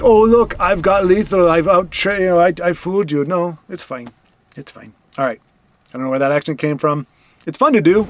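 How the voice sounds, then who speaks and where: A man's voice: sits high, gravelly, fairly bright tone. A man streaming a card game, chatting casually and loosely, talking back at his opponent with mock outrage. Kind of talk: casual gameplay commentary. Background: faint game music.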